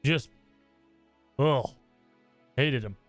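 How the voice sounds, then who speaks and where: A man's voice: mid-range voice, drawn-out words, dry recording, soft background music. A man from the American South co-hosting a podcast, telling laid-back, rambling anecdotes. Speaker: podcast co-host. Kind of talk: casual chat.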